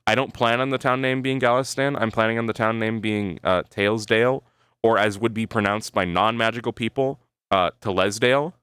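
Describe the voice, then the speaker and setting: Low, smooth-voiced man rambling to his chat. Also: fairly even intonation, brisk, a bit bright, no room sound. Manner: rambling, swears freely, keeps adding "right?"; talks to his chat while thinking aloud. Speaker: streamer. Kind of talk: casual live-stream chat.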